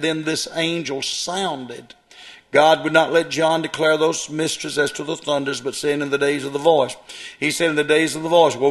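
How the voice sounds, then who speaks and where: A man's voice: a little high, a bit bright. Man preaching and reading scripture. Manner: reads long scripture passages then comments, with hesitations.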